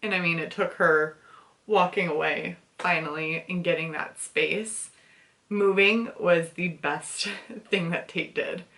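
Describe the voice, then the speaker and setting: A young woman hosts a casual book club chat, speaking in an unhurried, lowish voice. She is candid and openly emotional, laughing often as she talks. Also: fairly bright tone.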